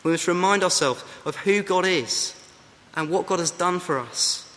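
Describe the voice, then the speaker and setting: An earnest man preaches a sermon, urging his listeners with rhetorical questions. His voice sits a little high for a man. It rings with the long reverb of a large hall over a faint hum. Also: normal speed, a bit bright.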